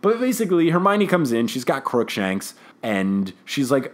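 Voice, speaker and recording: An enthusiastic man hosting a casual podcast and recapping a book. His pitch is very lively and swings widely. He talks in slang and keeps slipping into character voices. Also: normal speed, few pauses. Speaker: podcast host.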